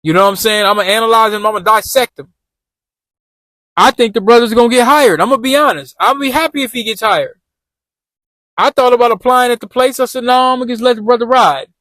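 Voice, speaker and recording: Vlogger, male, high voice, slangy and repetitive, talking to camera from a car, dry close sound. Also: quick pace, long pauses, bright, forceful tone, no room sound. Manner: loose, repetitive street slang, addresses viewers as y'all. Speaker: vlogger giving job-interview tips. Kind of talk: casual talk while driving.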